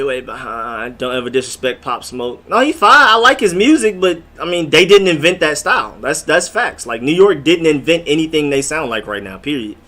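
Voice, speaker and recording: A man's voice: a little high, bright, forceful tone. A young man from Atlanta hosting a casual live stream, rambling in slang and answering viewers' comments as he reads them. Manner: rambling, slangy, talks straight to the chat.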